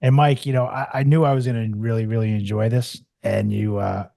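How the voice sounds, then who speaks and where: A man's voice: fairly low pitch, flat delivery, a little fast, creaky, dark tone, dry recording, studio quality. A man hosting a podcast interview, answering his guest with short affirming remarks. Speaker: podcast host. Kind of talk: casual interview.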